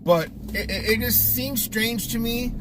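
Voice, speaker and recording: Barbershop owner, male, Californian accent, high voice, chatty coaching vlog with restarts, faint road noise. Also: a little slow. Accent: Californian English. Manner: talkative, repeats words, restarts, coaching tone. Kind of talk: casual vlog monologue. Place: driving around town, then in his barbershop.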